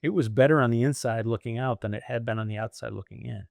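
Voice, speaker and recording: Middle-aged man, lively storyteller, laughs a lot, medium pitch, dry close sound. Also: quick pace, creaky, no echo. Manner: animated, laughs often, acts out quoted voices. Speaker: guest, franchise owner. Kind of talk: conversational storytelling.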